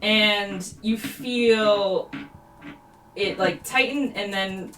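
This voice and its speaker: A woman's voice: mid-range voice, very slow, fairly bright tone, slight background noise. Woman game master narrating in an echoey room. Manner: rambling descriptive narration full of fillers. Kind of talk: live-streamed tabletop game narration. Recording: roomy echo, mic at a distance, music behind.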